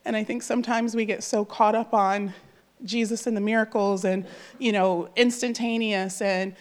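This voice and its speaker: Speaking at a steady, moderate pace in a mid-range voice, this church member in her thirties gives a heartfelt testimony. She is emotional and earnest, and her speech is full of fillers.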